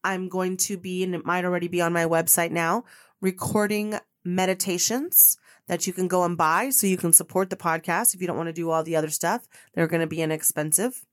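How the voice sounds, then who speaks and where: A woman's voice: on the low side, steady tone, fairly quick, no room sound, studio quality. A woman hosting her own podcast as a manifestation coach, speaking in an earnest, heartfelt monologue and repeating phrases for emphasis.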